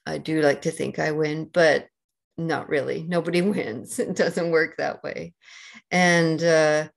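A woman with a Canadian accent giving a dharma talk as a meditation teacher, gentle and unhurried, pausing often with soft fillers. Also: deep voice, creaky. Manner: slow and gentle, with many pauses and fillers.

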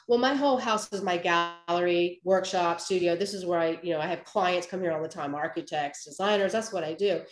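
Animated woman storyteller in roomy echo. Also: lowish voice, brisk, hardly any pauses. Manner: animated storyteller, acts out quoted voices. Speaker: photographer giving a talk. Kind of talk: storytelling presentation.

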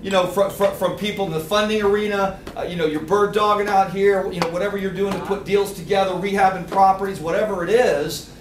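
A man giving a lively seminar talk, quizzing the audience and acting out little scenes. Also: sits high, fairly quick, few pauses, background noise. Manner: energetic, quizzes the crowd, acts out little scenes. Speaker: seminar speaker. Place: meeting room with audience. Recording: echoey room, picked up from a distance.

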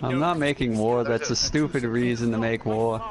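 A man's voice: mid-range voice, steady tone, normal speed, a crowd in the background, low-quality recording. A young man streaming a game with friends, joking, laughing and swearing in casual banter.

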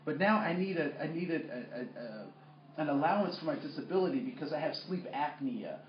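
A man's voice: a little high, animated, brisk, a little hiss or hum. A man leading a workplace training workshop in a conversational way with many fillers, asking the room questions. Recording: echoey room, muffled sound.

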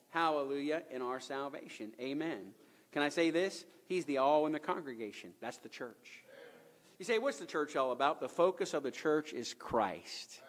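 High-voiced preacher in an echoey church. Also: male voice. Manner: emphatic, repetitive preaching with rhetorical questions. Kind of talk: sermon. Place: church sanctuary.

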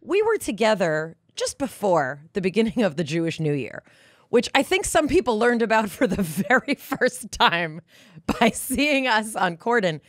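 A woman hosting a podcast who chats in a lively, teasing way, laughs often, and reads the sponsor ads herself. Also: medium pitch, normal speed, no echo, studio quality. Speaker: podcast host. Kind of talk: casual chat and read ads.

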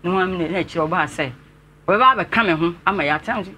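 A man's voice: high-pitched, quick pace, bright, forceful tone, a little hiss or hum. A man with a Ghanaian accent, an interview guest telling his life story earnestly and politely to the host. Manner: earnest, respectfully addressing the host.

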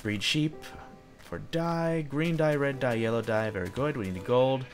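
A man's voice: mid-range voice, unhurried, soft background music. A young man giving chatty Let's Play commentary, rambling and yelping when monsters jump him. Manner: chatty, jumpy, yelps at monsters. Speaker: gaming video host.

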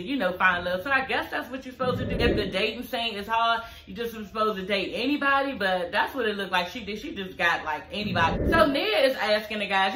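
A woman's voice: medium pitch, pushed and bright. A woman hosting a casual review vlog at home. She talks straight to her viewers and swears freely. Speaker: YouTube show reviewer. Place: home, filming in front of her TV. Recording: roomy echo.

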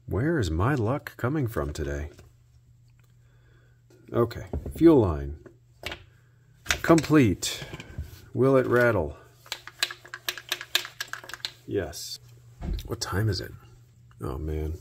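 A man hosting a repair video, narrating his work out loud with dry little jokes to himself. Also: on the low side, sing-song, takes it slowly, gravelly, long pauses, a little hiss or hum. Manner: self-talk with dry jokes. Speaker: host.

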